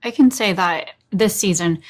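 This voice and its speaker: A woman from the United States speaking as an interview guest in a thoughtful, measured way. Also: medium pitch. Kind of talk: casual interview talk.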